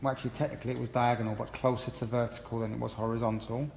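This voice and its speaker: A man with a gravelly, mid-pitched voice talks through a haircut in a chatty, encouraging way, explaining each step for an online class. His voice rings around a roomy salon with a long reverb tail. Faint ambient noise sits underneath. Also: level tone, very fast, darkish tone. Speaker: hairdressing educator. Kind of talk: live-streamed haircut tutorial.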